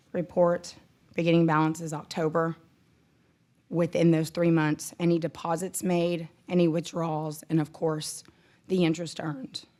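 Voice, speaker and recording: Brief: woman, very low pitch, treasurer presenting finances step by step. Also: a little mellow. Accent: Texan. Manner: methodical, walks through report sections with small self-corrections. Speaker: county treasurer. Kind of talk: presenting a financial report at a public meeting.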